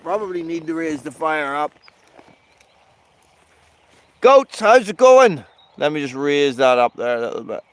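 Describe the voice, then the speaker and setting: A man's voice: fairly quick, few pauses, clean tone. A man hosting a casual live stream outdoors by a campfire, rambling to viewers and talking to his dog. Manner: rambling, talks to his dog in a high excited voice. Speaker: channel host.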